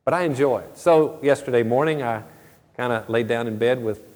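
Earnest middle-aged preacher in a reverberant hall. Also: male voice, medium pitch, a little fast, darkish tone. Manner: earnest, conversational preaching with storytelling asides. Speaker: pastor. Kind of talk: sermon. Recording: long reverb of a large hall.

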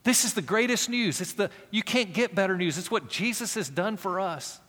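In a large, open-sounding space, a man in middle age preaches at an ordinary pace. He moves from loud, lively stretches down to quiet, hushed points, slipping into casual asides where he performs the voices of the people he quotes.

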